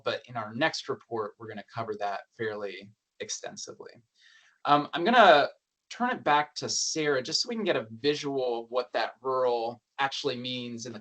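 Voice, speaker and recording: A man presenting an education research report at an academic forum in a relaxed, conversational way, with dry asides. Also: medium pitch.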